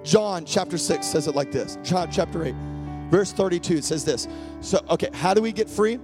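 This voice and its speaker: A man preaching a sermon as pastor, emphatic, repeating key phrases and swinging between loud and hushed. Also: high voice, normal speed, over music.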